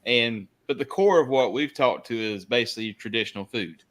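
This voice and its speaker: A man's voice: mid-range voice, fairly quick, fairly bright tone. A man hosting a barbecue podcast, asking his guest easygoing questions and musing aloud. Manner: easygoing, asks open questions and muses aloud. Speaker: podcast host. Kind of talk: casual interview chat.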